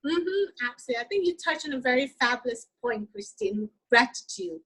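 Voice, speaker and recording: A woman coach with a notably high voice talks with lively enthusiasm as an interview guest. She leans on "like" and adds tag questions to draw the host in. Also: brisk, slightly rough, poor audio. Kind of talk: casual interview chat.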